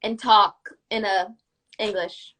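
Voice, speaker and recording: A woman's voice: mid-range voice, steady tone, slow pace, sharp tone. A young woman guest in a casual interview, upbeat and saying "like" often as she talks. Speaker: guest YouTuber.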